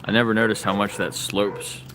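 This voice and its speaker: A man giving casual running commentary at a dog rescue, chatting to camera and talking to his dogs in a high sing-song voice. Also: fairly even intonation, moderate pace, poor audio. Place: outdoors and indoors at a dog rescue, with dogs around. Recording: loud background noise, dogs barking.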